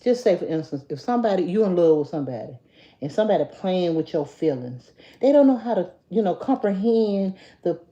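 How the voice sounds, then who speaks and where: A woman hosting a casual livestream, chatting straight to her viewers, jumping to high excited calls. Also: a little fast, lo-fi sound. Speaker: livestream host.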